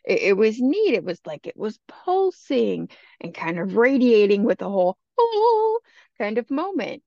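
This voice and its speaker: A woman's voice: a little high, sing-song, unhurried, vocal fry, a little mellow, dry recording, exaggerated voice. Young guy protesting he's fine as a woman puts him on, brushing it off, raised voice, dull lo-fi dry sound. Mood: insistent. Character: young man insisting he is fine. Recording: dull lo-fi dry podcast recording.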